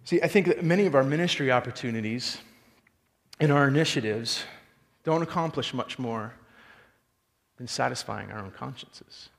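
Male pastor preaching, animated storyteller, asks the crowd questions, big echoey hall, mid pitch. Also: normal speed, creaky, long pauses. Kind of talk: sermon.

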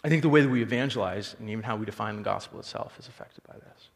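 Man, pastor, sermon, animated storytelling, rhetorical questions, long hall reverb. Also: fairly low pitch, very fast, creaky.

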